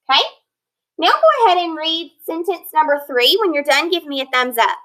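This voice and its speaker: A woman teacher leading a phonics lesson, sounding out words slowly and clearly, patient and encouraging. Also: high-pitched, fairly bright tone, low-quality recording. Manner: slow, clear modeling of words.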